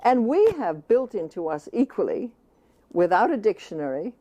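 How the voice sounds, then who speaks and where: Impassioned older woman with a mellow voice. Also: medium pitch, sing-song, moderate pace. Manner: impassioned, emphatic, speaks at times as the baby. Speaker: author interviewed about child care. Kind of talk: interview answers.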